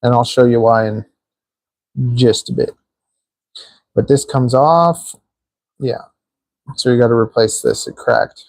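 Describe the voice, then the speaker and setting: Assembling small drone parts on a live stream, a man jokes and chats casually, rambling with lots of fillers. He speaks slowly at a medium pitch with long pauses and a darkish tone, with no echo.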